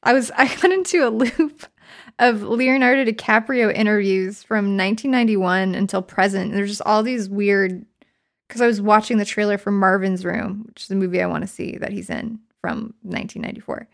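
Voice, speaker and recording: A woman's voice: moderate pace, gravelly. A woman co-hosting a casual chat, playful and joking, laughing often. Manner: playful, laughs often, mimics people in a high voice. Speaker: podcast co-host, musician.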